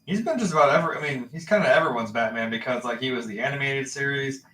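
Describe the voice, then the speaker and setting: A man's voice: medium pitch, fast, sharp tone. A man in casual chat on a livestream, rambling and laid-back, swearing now and then. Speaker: livestream co-host. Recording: roomy, distant mic with faint noise.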